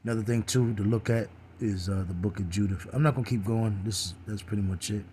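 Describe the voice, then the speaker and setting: A man's voice: on the low side, steady tone, fast talker, mellow, slight background noise. Profane, streetwise man preaching casually. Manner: streetwise and profane, constant "you know" fillers. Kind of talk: casual religious talk.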